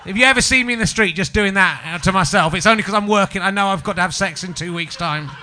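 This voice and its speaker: A man's voice: sits high, fast, bright, forceful tone, a little hiss or hum. An English man in his forties hosting a podcast, chatting casually and self-mockingly, often laughing as he rambles. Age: 40s. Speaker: podcast host. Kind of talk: casual comedy chat.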